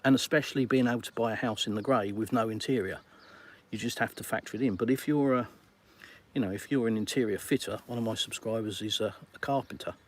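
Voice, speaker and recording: A man's voice: fairly low pitch, fast talker. Chatty Englishman on a live stream. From England. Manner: chatty and matey, calls viewers mate. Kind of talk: casual live-stream chat reading viewer comments.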